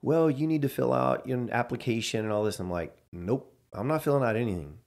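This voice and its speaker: A man's voice: mid-range voice, brisk, gravelly, darkish tone. A man telling a personal story in casual chat, acting out the dialogue he quotes.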